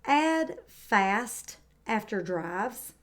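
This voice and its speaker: A woman teaching kindergarten and reading a picture book aloud, who models words clearly and praises the children warmly. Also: mid-range voice, big pitch swings, drawn-out words. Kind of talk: read-aloud lesson for young children. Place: home, indoors.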